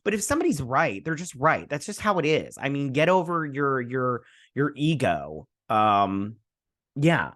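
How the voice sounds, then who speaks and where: A man's voice: mid-range voice, very animated, a little slow, fairly bright tone, no echo, clean studio sound. Offhand man rambling through a recap. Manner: rambling, offhand, many fillers and asides. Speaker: host. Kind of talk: casual episode recap and review.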